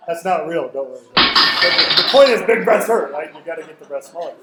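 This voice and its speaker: A middle-aged man giving a conference lecture, telling lively anecdotes and acting out the quoted exchanges. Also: a little high, brisk. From Canada. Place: lecture hall. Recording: very echoey hall with faint noise.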